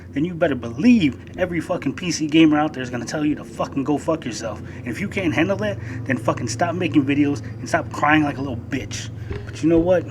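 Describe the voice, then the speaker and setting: A man's voice: on the high side, quick pace, slight background noise. A man YouTuber delivering a heated, profane rant to his channel. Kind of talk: angry rant.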